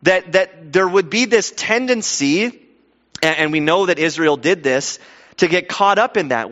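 A man preaching a sermon with animated delivery, stumbling into restarts and acting out quoted voices. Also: fairly high pitch, unhurried. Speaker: pastor. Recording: dull sound with long hall reverb.

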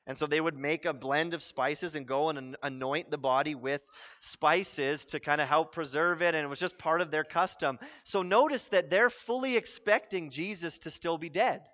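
A man with a high, bright, forceful voice preaches a sermon in a chatty, everyday manner. He swells to loud emphasis to drive his points home. The sound is a little dull and lo-fi. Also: moderate pace. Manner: conversational, grows emphatic and loud when stressing points. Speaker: pastor.

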